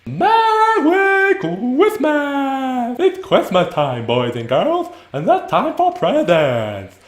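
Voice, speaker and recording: A man's voice: very high voice, huge pitch swings, very slow, echoey room, exaggerated voice. A man voicing an evil male living Christmas present who speaks manically, with a cackle. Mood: manic.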